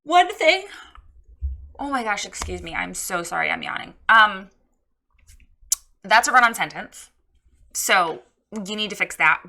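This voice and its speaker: A woman's voice: medium pitch, measured pace, creaky, long pauses, bright, forceful tone. A woman coaching a photographer on her website in a casual spoken critique, frank and direct.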